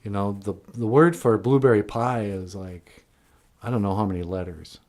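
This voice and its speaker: A man's voice: on the low side, normal speed, darkish tone. A man, a cartoonist and puppeteer, telling a comic story in a folksy, digressive way.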